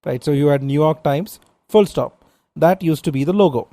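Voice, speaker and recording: Male trivia co-host, playful and animated, a touch high-pitched, warm. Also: normal speed, dry recording. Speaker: podcast co-host. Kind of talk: casual trivia chat.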